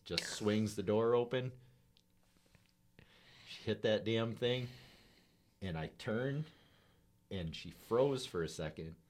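A middle-aged father chatting on a podcast, telling an easygoing story and chuckling as he goes. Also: low voice. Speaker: podcast guest. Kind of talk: casual chat.

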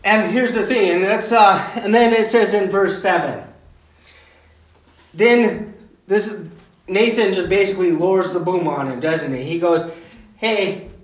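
A man's voice: sits high, measured pace, long pauses, echoey room, low-quality recording. A man preaching a sermon in a conversational way, full of fillers and "right?" asides. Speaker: pastor.

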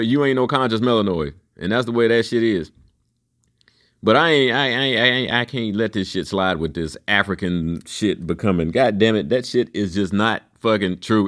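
Fifty-something guy ranting on his vlog, cussing a lot, rambling, voice jumping high and low, mid-pitched. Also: fairly bright tone. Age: 50s. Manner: loose, profane, rambling, with big swings in pitch. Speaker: vlogger. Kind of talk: profane solo rant.

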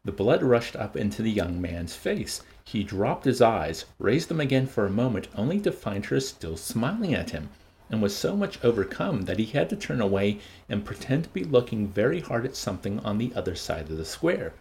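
A man hosting a show and reading a novel aloud in an expressive, varied voice. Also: on the low side, moderate pace, gravelly.

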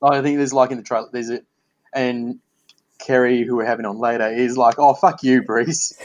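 A man with a mid-range voice hosts a relaxed podcast conversation. His talk is candid and chatty, with casual swearing and easy laughter. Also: mid-range voice, brisk, low-quality recording. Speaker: podcast host.

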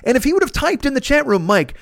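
A man hosting a podcast, telling a long story in a profane, rambling, animated way. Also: extremely high pitch, rapid-fire, gravelly, no room sound, clean studio sound. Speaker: podcast host. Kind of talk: casual storytelling monologue.

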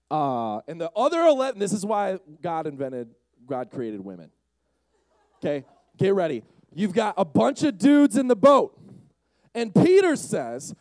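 Animated youth pastor, high lively voice. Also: male voice, a little fast, no room sound. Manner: animated, shouting and acting out characters.

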